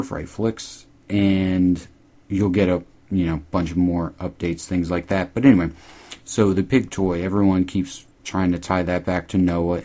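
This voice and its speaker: A man casually recapping a TV episode, rambling and swearing, quoting characters in high mocking voices. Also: warm tone. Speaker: podcast host recapping a TV episode. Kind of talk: casual chat.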